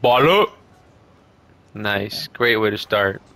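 A young man on a headset, chatting casually while gaming, excitable and swearing, breaking into shouts. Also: lowish voice, slow pace, gravelly, over a noisy crowd. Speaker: gamer.

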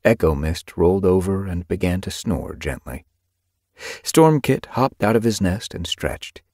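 A man reads an audiobook in a deep, husky voice. His storytelling swings lively up and down. The recording is dry and close. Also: unhurried, no room sound. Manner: expressive storytelling. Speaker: audiobook narrator. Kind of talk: scripted narration.

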